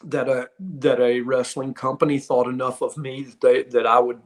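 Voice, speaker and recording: A man's voice: medium pitch, fairly even intonation, moderate pace. A middle-aged man hosting a podcast, telling wrestling stories in a casual, rambling way with many restarts. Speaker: podcast host, former pro wrestler. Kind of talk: casual storytelling.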